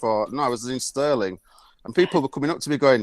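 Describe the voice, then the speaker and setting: A man's voice: medium pitch, fast talker, dry recording. Guy rambling crude surreal stories, mid voice, dead dry sound. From Bradford, England. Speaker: guest performer. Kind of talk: profane comic storytelling.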